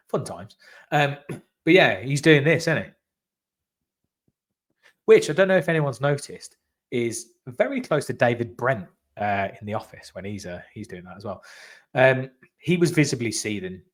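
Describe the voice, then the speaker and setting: Guy hosting a football podcast, talks in long excited run-on bursts over a video call. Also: medium pitch. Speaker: podcast host. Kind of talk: casual football chat.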